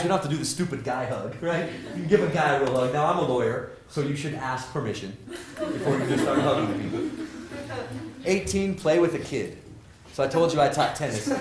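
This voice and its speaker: A man, a professor, giving a lively motivational talk to students, joking and asking the audience questions. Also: mid-range voice, a little hiss or hum. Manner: animated, jokey, asks the audience questions. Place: lecture hall with audience. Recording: roomy hall sound.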